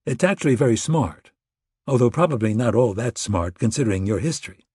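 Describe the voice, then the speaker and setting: A man narrating an audiobook, voicing a smug, injured American traitor who speaks in a calm, amused and condescending way. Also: mid-range voice, fairly quick, husky, no room sound, studio quality.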